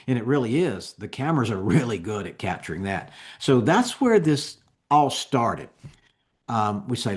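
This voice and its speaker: A man giving a continuing education lecture on dental technique, explaining each step in a relaxed, conversational way. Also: mid-range voice, moderate pace.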